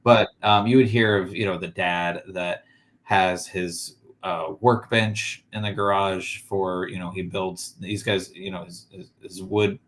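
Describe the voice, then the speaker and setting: A very deep-voiced man talks things over slowly and thoughtfully as a podcast co-host. He stays measured and leans on little fillers as he works through an idea. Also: steady tone, a bit bright. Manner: reflective, measured, with many fillers. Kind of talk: casual chat.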